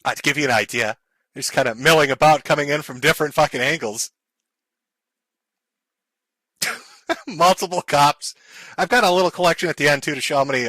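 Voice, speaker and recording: A man's voice: mid-range voice, sharp tone, dry recording. Sarcastic laughing man streaming. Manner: sarcastic, laughing, mock-apologetic. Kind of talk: mocking livestream commentary.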